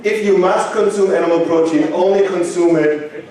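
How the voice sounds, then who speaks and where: A man with a German accent lectures a conference crowd, tossing questions to the audience and slipping in dry jokes. His voice sits a touch high and rings through a big, very echoey hall, heard from a little way off the mic. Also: normal speed, darkish tone, distant mic. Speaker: conference speaker.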